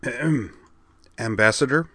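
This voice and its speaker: A man's voice: lowish voice, big pitch swings, brisk, a bit bright, no echo. A man voicing an eager, easily flustered male officer in a read-aloud story.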